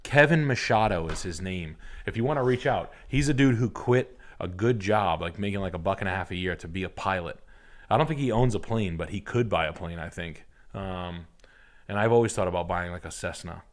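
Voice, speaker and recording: A man's voice: low-pitched, brisk. A young man hosting a livestream, talking casually and crudely in rambling comic riffs. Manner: crude, rambling, acts out goofy voices. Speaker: livestream host. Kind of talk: casual comedic chat.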